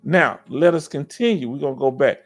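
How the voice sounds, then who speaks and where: A man's voice: medium pitch, a little fast, soft background music. A middle-aged man with a Southern US accent hosts a casual veterans' live stream. He reads viewer comments and keeps checking in with "you understand?". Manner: animated, preachy, keeps asking "you understand?".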